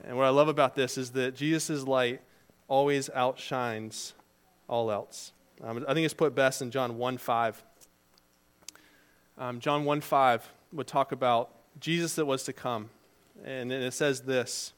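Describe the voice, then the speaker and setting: A man preaching a sermon in a conversational, storytelling way, moving between loud emphasis and quiet asides. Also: medium pitch, steady tone, measured pace, smooth. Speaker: preacher and teacher.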